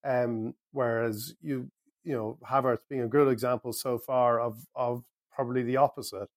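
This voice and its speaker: A man's voice: mid-range voice, fairly even intonation, moderate pace, dry recording, studio quality. A man on a football podcast, talking in a thoughtful, analytical way. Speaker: podcast pundit. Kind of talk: casual football discussion.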